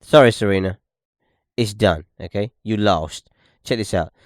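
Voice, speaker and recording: A man's voice: lowish voice, a little slow, no echo, clean studio sound. A young man hosting a podcast, ranting and swearing as he comments on video clips, repeating "look" and "okay". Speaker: podcast host.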